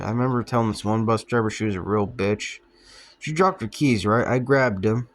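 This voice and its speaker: A man's voice: lowish voice, normal speed. A young man telling childhood stories in a loose, rambling, profane way, often laughing at himself. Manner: profane, offhand, laughs at his own stories. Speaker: vlogger. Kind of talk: rambling casual storytelling.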